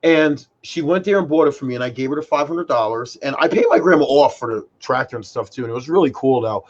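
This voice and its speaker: A man's voice: medium pitch, fast talker, highs cut off. A young man in his twenties, co-hosting and telling rambling stories in casual chat, full of fillers. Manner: excitable storyteller, many fillers like "like" and "freaking". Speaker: podcast co-host.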